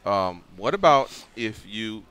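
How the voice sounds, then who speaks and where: A man's voice: on the low side, big pitch swings, slow, a bit bright, clean tone. A man hosting a radio show, chatting casually and acting out scenes with mock voices. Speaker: radio host.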